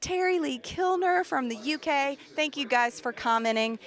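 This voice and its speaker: A woman's voice: sits high, expressive, moderate pace. A woman from Tennessee with a Southern accent, hosting a live-stream show in a bubbly, gushing way. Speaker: livestream host.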